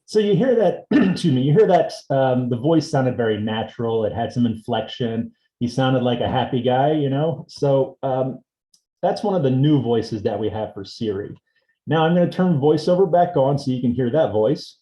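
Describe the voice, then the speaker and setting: A man teaching a seminar on assistive technology, explaining a device demonstration step by step in a relaxed way. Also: mid-range voice, normal speed. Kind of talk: instructional demonstration. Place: indoor seminar room. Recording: roomy echo.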